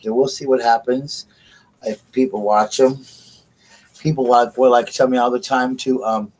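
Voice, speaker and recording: A man's voice: mid-range voice, steady tone, moderate pace, noisy background. A man, rambling and chatting with viewers on a casual live stream from his bedroom. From South Carolina, USA. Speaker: vlogger. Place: home bedroom at night.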